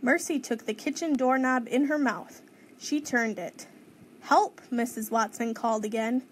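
A woman reading a children's book aloud, slow and expressive, with lively sound effects. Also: on the high side, a little hiss or hum.

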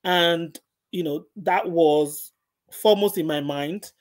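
A woman's voice: on the low side, takes it slowly. A middle-aged woman, a guest, gives an earnest personal faith testimony and repeats phrases for emphasis.

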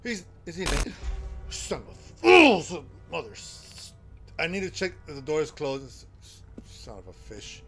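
A man giving live commentary while playing a horror game, excitable and exclaiming and swearing at the scares. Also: a little high, moderate pace, faint music behind. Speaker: game streamer.

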